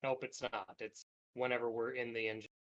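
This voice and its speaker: A man's voice: medium pitch, flat delivery, a little fast, a bit bright, lo-fi sound. A man co-hosting a podcast, playing a cooperative card game and reading its story text aloud, often laughing. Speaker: podcast co-host and player. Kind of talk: casual board game play with card reading.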